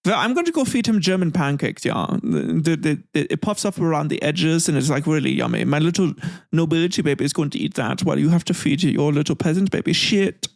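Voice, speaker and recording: A man's voice: a little high, expressive, a little fast, gravelly. A man voicing a snooty male German noble who mocks peasants in sneering baby talk.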